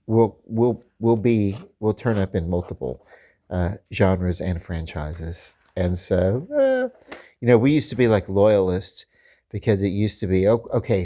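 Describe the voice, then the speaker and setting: A man's voice: fairly low pitch, dark tone. A man with a Southern accent, rambling casually through a video, full of fillers and restarts. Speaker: comic book vlogger.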